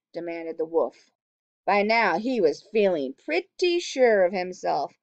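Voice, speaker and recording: A woman teacher reading a storybook aloud to children, expressive and animated, stopping to ask them questions. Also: fairly low pitch, measured pace, dry recording. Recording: dull, dry lo-fi recording.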